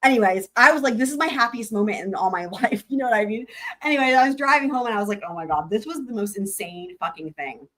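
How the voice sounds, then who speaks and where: Still chatting on her livestream, the host reads comments aloud and swears without restraint while telling her story. Here her voice is a little high and a bit bright, and she talks fast and animatedly.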